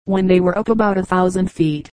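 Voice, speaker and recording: A woman's voice: lowish voice, fairly quick, a little mellow, dry recording, lightly acted, rough recording. A woman voicing a rambling, matter-of-fact male commercial traveler in an audiobook.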